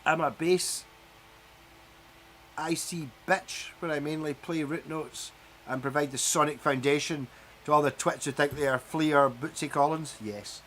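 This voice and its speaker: A man's voice: a little high, fairly even intonation, unhurried, a bit bright, slight background noise. A Scottish man hosting a livestream, chatting casually, swearing freely and mimicking people. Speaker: livestream host. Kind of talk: casual chat.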